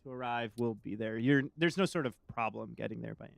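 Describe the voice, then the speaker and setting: A man running a tabletop game in a calm, unhurried way, often pausing on a filler before going on. His voice sits in an everyday middle range and sounds dry and close to the mic. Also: mid-range voice, gravelly, dry recording. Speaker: game master.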